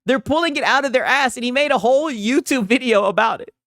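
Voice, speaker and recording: A man's voice: very high voice, quick pace, a bit bright, no echo, clean studio sound. A man hosting a casual gaming livestream, reading chat aloud, talking loose and profane with frequent laughs and restarts.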